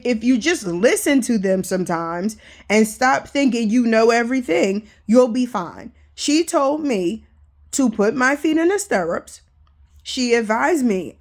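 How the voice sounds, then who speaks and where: Candid chatty young woman vlogger. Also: a little high. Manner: candid, chatty, lots of fillers; emphatic, animated retelling. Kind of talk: casual personal storytelling.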